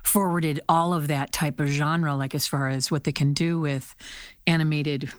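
A woman's voice: deep voice, fairly even intonation, normal speed, no room sound, studio quality. A woman hosting an interview, asking chatty, curious questions. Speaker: host. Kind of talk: casual interview.

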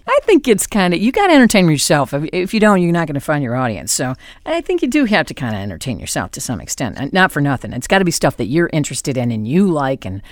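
A woman's voice: deep voice, fast, few pauses, no room sound, clean studio sound. A woman hosting a podcast, telling a story with laughs and acting out the people in it. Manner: lively storyteller, acts out quotes. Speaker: podcast host. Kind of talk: anecdotal podcast talk.

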